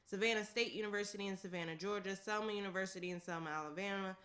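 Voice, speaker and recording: A woman with a bright, forceful voice reads through a long list in a relaxed, casual way. She keeps a steady rhythm, laughs often, and drops in offhand asides. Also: mid-range voice, very fast. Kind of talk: casual reading of a list aloud.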